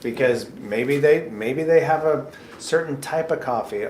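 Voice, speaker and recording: With a mid-range, darkish voice and a measured pace, a man gives job seekers patient, casual advice during a mock interview, cracking jokes and keeping things upbeat. They're indoors at a coffee shop, where the room echoes and a slight hiss or hum can be heard.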